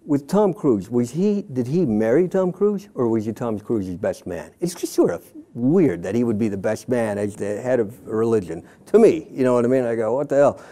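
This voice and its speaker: A man's voice: mid-range voice, lively intonation, moderate pace, dark tone. A middle-aged man, a former church member, telling his story in a candid, rambling way, often stopping himself and quoting what others said. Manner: rambling, self-interrupting, quotes others in passing.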